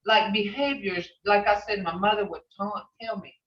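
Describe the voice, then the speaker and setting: A woman's voice: mid-range voice, steady tone, normal speed, fairly bright tone. Older woman teaching, distant echoey sound. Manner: storytelling with many "you know" fillers. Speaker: language teacher. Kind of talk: teaching a language class. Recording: echoey, distant, dull recording.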